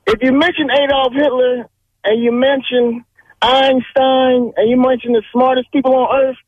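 A man phones in to a radio show and rambles along cheerfully, doubling his words as he jokes. His voice sits very high. The line is muffled and dull. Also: flat delivery, normal speed, dry recording. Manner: rambling, jokey, repeats words. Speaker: caller. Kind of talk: call-in radio chat.

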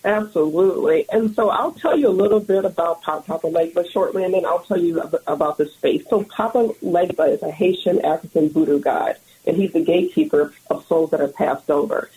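A woman lounge owner being interviewed on a radio show, upbeat and excited. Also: lowish voice, fairly quick, few pauses, low-quality recording.

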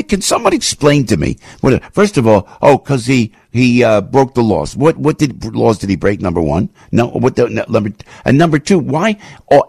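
A male radio show host delivering an impassioned, ranting commentary monologue, full of rapid restarts, into a studio microphone. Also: mid-range voice, gravelly, darkish tone, slightly rough, no room sound.

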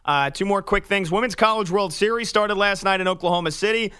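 A man reading a sports news update on a radio show in a crisp newsreader style. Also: sits high, pushed and bright. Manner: crisp, brisk newsreader delivery. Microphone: studio microphone.

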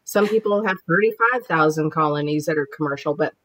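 A woman's voice: low-pitched, fairly quick, a bit bright, poor audio. A woman in her forties, a podcast guest, telling combative stories in a brash, profane way. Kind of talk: casual chat.

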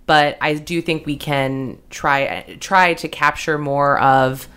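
A woman's voice: low-pitched, fairly even intonation, takes it slowly, a bit bright, clear, resonant tone. A woman co-hosting a casual discussion, articulate and analytical, sometimes restarting a word mid-thought. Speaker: podcast co-host.

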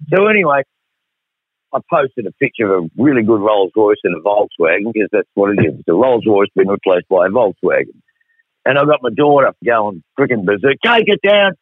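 A middle-aged Australian man, a radio guest, tells a rambling, profane, wry story in a casual on-air way. His voice sits in the mid-range, and it comes through a tinny, dry phone line with no room sound.

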